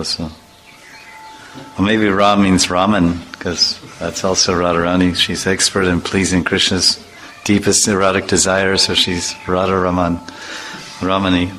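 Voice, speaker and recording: Bright-voiced man telling humorous stories. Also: sits low, slight background noise, rough recording. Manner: humorous storytelling with vivid imitations. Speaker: spiritual teacher. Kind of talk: informal devotional talk.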